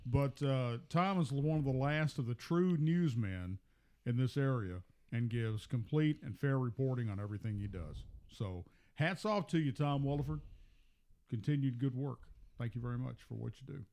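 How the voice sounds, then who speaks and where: A man's voice: medium pitch, normal speed, mellow. A man in his sixties hosting a local sports talk show, talking in a folksy, rambling way full of fillers. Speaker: host. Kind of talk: casual chat on a local radio sports show.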